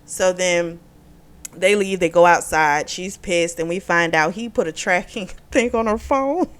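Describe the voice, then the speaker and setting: Speaking at a measured pace in a lowish voice, this woman gives a relaxed spoken recap of a romance novel. She reviews books, and here she talks bluntly, cursing a lot and breaking into laughter frequently.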